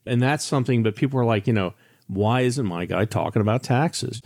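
Brisk and a little mellow, with vocal fry at a medium pitch, this older financial advisor hosts a radio show. His monologue is made of frank, candid stories told chattily with lots of restarts, and the recording is dry and studio quality.

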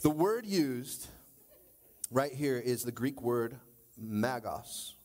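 A man preaching a sermon in church, animated, swinging between loud exclamations and low asides. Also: takes it slowly. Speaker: pastor.

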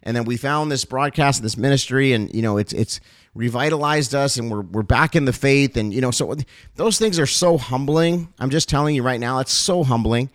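An earnest male pastor speaks directly to his supporters in a mid-pitched voice. His talk is heartfelt and emotional, full of fillers and repeated phrases. The recording is dry and close, with no room echo. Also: normal speed. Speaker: pastor and ministry broadcaster. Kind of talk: heartfelt address to ministry supporters.

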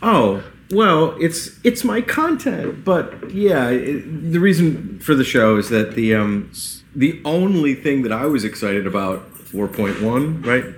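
A man's voice: medium pitch, lively intonation, measured pace, hardly any pauses, slight background noise. A man co-hosting a gaming podcast, playfully indignant and sulky. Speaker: podcast co-host. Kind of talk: casual podcast chat. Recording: echoey room.

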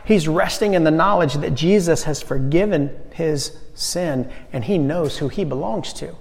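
A youth pastor preaching to a young crowd, animated, swinging between loud emphasis and hushed lines. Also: male voice, sits high. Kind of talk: sermon. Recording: long reverb of a hall.

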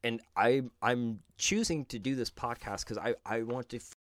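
A man's voice: mid-range voice, normal speed, fairly bright tone, no echo, clean studio sound. A man hosting a podcast, talking through spiritual ideas in a thoughtful, conversational way and sometimes correcting himself mid-sentence. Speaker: podcast host. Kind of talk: reflective podcast commentary.

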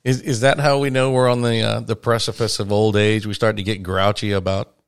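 A man's voice: fairly low pitch, level tone, fairly quick, gravelly, smooth. A middle-aged man co-hosting a casual podcast, rambling and joking his way through a play-by-play. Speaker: podcast co-host. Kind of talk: casual chat.

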